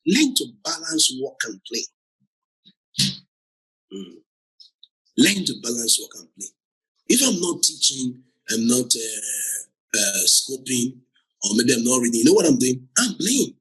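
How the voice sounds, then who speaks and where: Laughing, lively preacher man with a husky voice. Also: medium pitch, a little slow, long pauses, low-quality recording. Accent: Nigerian. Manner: laughs often, repeats phrases for emphasis. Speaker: pastor. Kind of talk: sermon.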